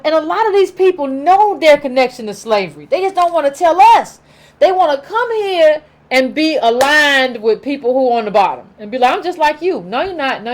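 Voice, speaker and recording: A woman with an African American accent giving an emphatic opinion monologue, repeating her points and acting out imagined quotes. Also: high-pitched. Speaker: political commentator vlogger.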